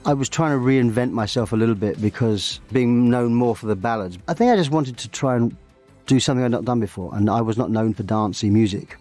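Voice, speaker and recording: Older man telling quick anecdotes. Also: medium pitch, a little mellow. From England. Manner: brisk anecdotal, acts out quoted voices. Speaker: interviewee musician. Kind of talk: reminiscing interview. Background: faint music.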